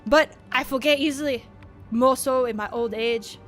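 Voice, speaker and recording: A woman's voice: high voice, a bit bright, faint music behind, voice pushed down. A woman voicing a charming seventy-year-old Scottish man, a doctor who stutters and restarts his words. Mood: courteous. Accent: attempted Scottish. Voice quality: stuttering, halting speech.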